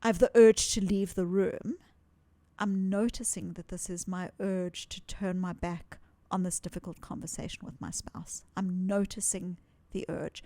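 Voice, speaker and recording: A woman's voice: on the low side, dry recording. Earnest woman explaining, dry close sound. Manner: earnest, animated, repeats words when emphasising. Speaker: psychologist guest. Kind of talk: interview, explaining ideas.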